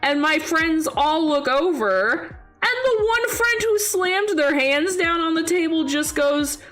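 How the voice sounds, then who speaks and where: A young woman streamer telling a story in casual chat, animated, often laughing and acting out the voices of people she quotes. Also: extremely high pitch, slow pace. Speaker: vtuber streamer. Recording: faint music behind the voice.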